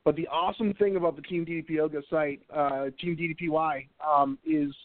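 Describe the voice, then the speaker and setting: A man's voice: a little high, fairly even intonation, a little fast, no echo. A man hosting a live internet radio show, chatting casually and energetically with frequent restarts. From North Carolina. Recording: tinny phone-like line.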